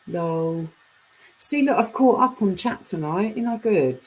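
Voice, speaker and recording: A woman's voice: medium pitch, lively intonation, a little slow, poor audio. A woman chatting casually on a live stream, reading viewers' comments and bantering with them, laughing often.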